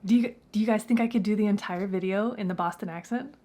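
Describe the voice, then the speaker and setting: A woman's voice: mid-range voice, fast, warm tone. A woman hosting a casual true crime story, chatty and playful with jokey asides.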